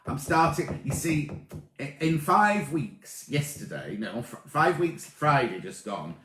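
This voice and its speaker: Chatty, lively man in an echoey room. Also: fairly high pitch, slow pace. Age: 30s. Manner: chatty, excitable, greets viewers by name. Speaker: sewing livestream host. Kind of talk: casual live-stream chat reading comments. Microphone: tablet or camera mic.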